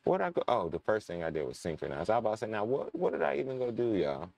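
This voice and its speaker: A man's voice: on the low side, lively intonation, fast talker, vocal fry, darkish tone. A young man casually commenting while playing a game, chatting to his viewers and muttering when frustrated. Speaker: gaming channel host. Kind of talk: casual let's-play commentary.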